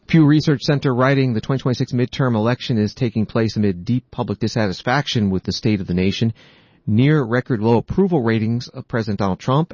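Low-voiced man reading the news. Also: a little mellow, no room sound, muffled recording. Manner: measured, formal news read. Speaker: news anchor. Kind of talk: scripted news narration.

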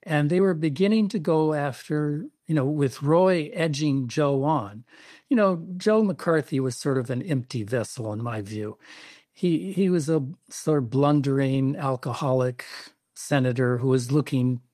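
A male author being interviewed on the radio, explaining events in a measured, storytelling way. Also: on the high side, dark tone, dry recording, studio quality. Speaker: author guest.

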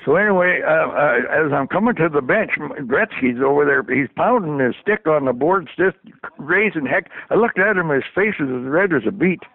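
An older man telling a story in a folksy, animated way, chuckling as he goes. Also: on the high side, normal speed, no echo. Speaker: storyteller guest. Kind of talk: casual anecdote on radio. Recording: tinny phone line on radio.

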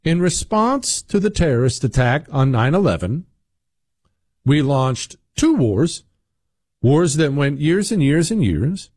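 A man's voice: on the high side, very animated, a little slow, darkish tone, no room sound, clean studio sound. A man in his forties hosting a talk show, giving sarcastic, emphatic opinion commentary. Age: 40s.

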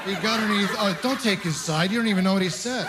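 A man from Ontario works a stand-up set, his voice sitting high for a man. He tells his stories deadpan and breaks into quick voiced asides, sounding like he's in his thirties. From Ontario, Canada. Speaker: stand-up comedian. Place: comedy club stage with a live audience laughing.

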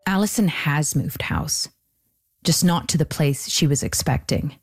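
A woman hosting and narrating a true-crime documentary podcast in a measured scripted read. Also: deep voice, breathy edge, faint music behind. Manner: measured, even delivery.

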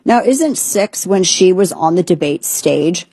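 A woman's voice: fairly low pitch, animated, measured pace, warm tone, slightly rough, no echo. A woman hosting a political commentary show, talking in an indignant, sarcastic, emphatic way. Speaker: host.

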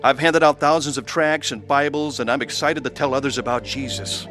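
A man's voice: mid-range voice, steady tone, brisk, music in the background. A man giving an earnest, scripted testimony about his faith, with acted scenes. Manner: earnest, pleading. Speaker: testimony narrator.

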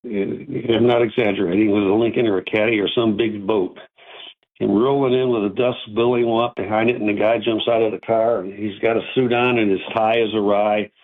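A man, an antiques dealer, telling a folksy story with animated asides and a husky voice. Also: fairly low pitch, fairly quick. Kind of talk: casual storytelling. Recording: tinny phone-like audio.

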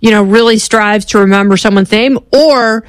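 A woman in her forties or fifties, a guest on a talk show, telling quick wry stories and laughing often. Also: mid-range voice, clean tone, no room sound, studio quality. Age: 40s to 50s. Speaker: guest commentator. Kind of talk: casual chat.

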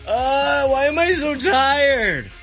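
A man's voice: extremely high pitch, lively intonation, takes it slowly, bright, forceful tone. A man hosting a radio phone-in game, joking and teasing the callers. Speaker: radio host. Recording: muffled radio broadcast with music.

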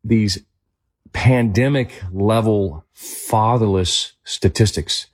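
A man hosting a talk show interview, earnest and animated. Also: lowish voice, slow pace. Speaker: host.

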